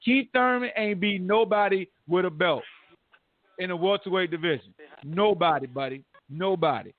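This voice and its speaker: A man hosting a podcast, ranting about sports in casual slang with lots of animated trash talk. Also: high-pitched, moderate pace. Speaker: podcast host. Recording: phone-like narrow audio.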